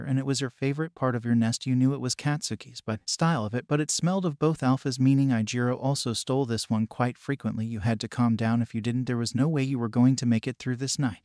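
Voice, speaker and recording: A man with an ordinary mid-range pitch reads a scripted fan fiction story, including its text messages, in a steady, flat voice. The recording is dry, with no room sound or echo.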